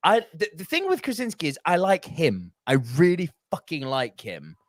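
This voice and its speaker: A man's voice: a little high, huge pitch swings, no echo. Teasing man on a dry mic. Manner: teasing, swearing, quick laughter. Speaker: host reading viewer comments. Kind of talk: casual live-stream chat.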